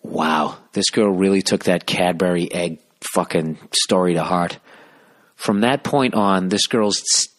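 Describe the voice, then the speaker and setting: A man hosting a podcast, rambling through a comedic monologue in a hushed, half-whispered voice with constant swearing. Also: low-pitched, unhurried. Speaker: podcast host.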